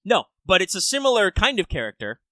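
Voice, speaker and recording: A man hosting a casual podcast, rambling and swearing, swinging between loud rants and low mutters. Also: wildly swooping pitch, quick pace, no echo, low-quality recording. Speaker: podcast host.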